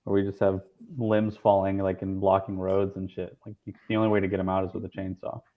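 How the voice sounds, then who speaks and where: Quick offhand man on a tinny line. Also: low voice, monotone. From Nebraska. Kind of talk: casual chat. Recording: tinny, phone-like, off-mic.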